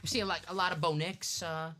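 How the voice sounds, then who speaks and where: A man's voice: fairly high pitch, level tone, a little fast, pushed and bright, a little hiss or hum. A man co-hosting a live sports card break, easygoing and giving short agreeing replies. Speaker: co-host. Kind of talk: casual live-stream chat.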